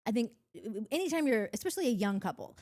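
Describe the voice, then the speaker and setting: A woman's voice: on the high side, sing-song, fast talker, darkish tone. A young woman co-hosting a podcast, chatting in a rambling, giggly way with lots of restarts. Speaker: podcast co-host. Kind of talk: casual recap chat.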